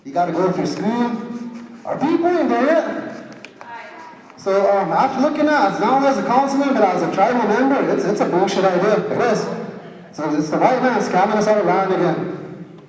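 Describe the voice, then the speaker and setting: A man's voice: high-pitched, animated, normal speed, crowd noise. A man speaking as a tribal councilman at a public meeting, angry and blunt, stumbling over repeated words when heated. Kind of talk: impassioned public speech at a meeting. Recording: echoey hall sound from far off.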